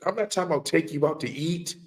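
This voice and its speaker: A man's voice: on the high side, fast. A middle-aged man giving an impassioned, preaching monologue as a firearms trainer, repeating key lines for emphasis and firing rhetorical questions at his listeners.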